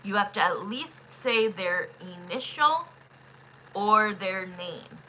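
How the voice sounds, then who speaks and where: Woman host of a live tarot stream. Chatty and excitable, bright tone, unhurried delivery. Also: mid-range voice, a little hiss or hum, low-quality recording. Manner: chatty, excitable, talks to viewers directly. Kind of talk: casual live-stream chat.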